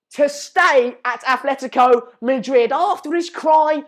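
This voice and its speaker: A young man hosting a football channel, reacting live to transfer news in an excitable, ranting and mocking way. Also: very high voice, measured pace, hardly any pauses.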